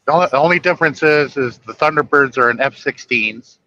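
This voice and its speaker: A man's voice: mid-range voice, brisk. A man telling laid-back stories in a casual chat. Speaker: trucker, show host. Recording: dull lo-fi sound with faint ambient noise.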